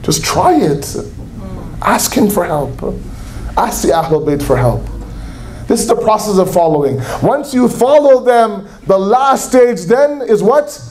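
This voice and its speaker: With slight background noise, a young man's high-sitting, somewhat mellow voice moves a little slowly with lively intonation. He is preaching an impassioned sermon in a religious center's lecture hall, performing quotes in a raised voice.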